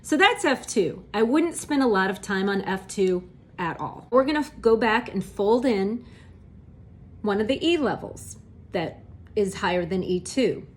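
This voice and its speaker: A woman reading tutor demonstrating a lesson, speaking in slow, encouraging teacher talk and stretching out sounds. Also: mid-range voice, animated.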